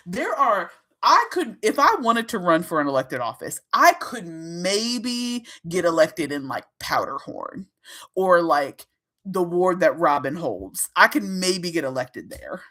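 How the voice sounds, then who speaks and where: A woman hosting her own livestream, talking straight to her chat in a casual, animated way, laughing often and swearing freely. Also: on the low side, measured pace. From Minnesota. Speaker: livestream host.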